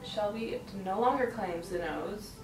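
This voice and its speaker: A woman's voice: mid-range voice, unhurried, roomy sound, distant mic, over music. A young woman, a beauty vlogger, chatting and teasing her friends while they do her makeup, giggling often. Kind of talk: casual chat with friends.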